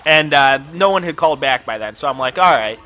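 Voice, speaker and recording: A man with a high, very animated voice rants through a personal story while playing a video game. His talk is casual, full of fillers and swearing, and his tone is bright and sharp. Faint music plays underneath. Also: brisk. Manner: profane, ranting, lots of filler words. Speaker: gaming channel host. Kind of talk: casual storytelling over gameplay.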